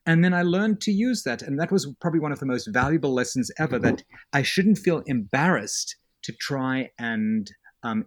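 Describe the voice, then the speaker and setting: A man with a South African accent, a real estate agent answering interview questions in an earnest, reflective way. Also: mid-range voice.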